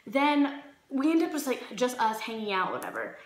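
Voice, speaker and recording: A young woman in her twenties telling a casual story-time vlog, animated and acting out the quotes. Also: a little high, normal speed. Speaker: vlogger. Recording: echoey room with faint music.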